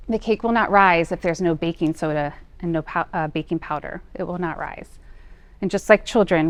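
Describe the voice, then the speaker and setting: Earnest middle-aged lady parent coach, lowish voice, dead dry room. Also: no echo. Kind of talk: personal talk.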